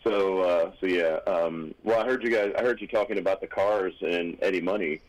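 A man's voice: deep voice, normal speed, low-quality recording. A man chatting casually on a radio show, telling rambling anecdotes full of restarts and asides.

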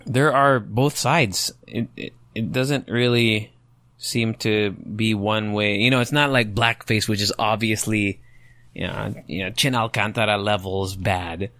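A young man hosting a solo podcast, thinking out loud and rambling through rhetorical questions as he reads online comments. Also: lowish voice, fairly even intonation, measured pace, no echo. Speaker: podcast host.

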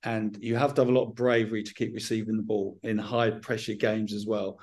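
A middle-aged football manager from England with a Southern English accent answers interview questions frankly and in a measured way, frequently restarting his sentences. His voice is fairly low and a little mellow, with little pitch movement.

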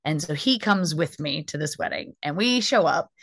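A woman's voice: low voice, normal speed, gravelly, no room sound. American woman comedian, dry-sounding. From United States. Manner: animated, laughs often, acts out quotes. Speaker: stand-up comedian. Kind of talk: casual chat, storytelling.

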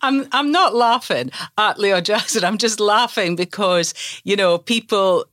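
A woman's voice: medium pitch, unhurried, a bit bright, no room sound. Chatty woman telling stories, dry sound. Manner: chatty anecdotal storytelling with laughs. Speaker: vocal coach guest. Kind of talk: conversational interview.

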